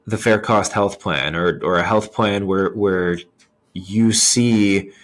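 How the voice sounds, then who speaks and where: A man's voice: deep voice, takes it slowly. A man hosting a podcast, sharing thoughts and asking long, friendly, rambling questions. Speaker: podcast host. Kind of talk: casual interview conversation.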